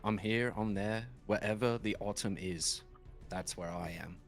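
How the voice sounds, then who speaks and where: A man voicing a mysterious male wanderer who gives quiet, cryptic answers in a tabletop game. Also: on the low side, a little slow, creaky, soft background music. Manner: quiet, lofty, cryptic replies.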